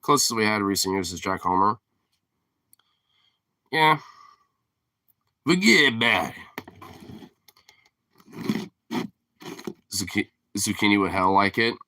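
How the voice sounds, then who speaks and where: Bright, rambling, profane casual man. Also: on the low side, animated, slow, long pauses, no room sound. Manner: rambling, profane, heavy on fillers; laughs often while talking. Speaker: streamer host. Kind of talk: casual chat.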